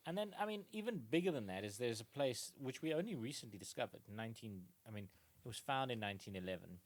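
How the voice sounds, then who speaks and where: A man co-hosting a comedy trivia podcast, rambling with many fillers and laughing often. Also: lowish voice. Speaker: podcast co-host. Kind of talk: casual comedic chat.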